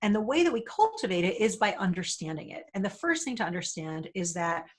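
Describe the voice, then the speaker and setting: A New woman speaking as a guest, telling a story in an animated way and acting out the people she quotes. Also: mid-range voice, a little fast. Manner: animated, acts out quoted voices. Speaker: guest speaker, leadership facilitator. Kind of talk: storytelling conversation.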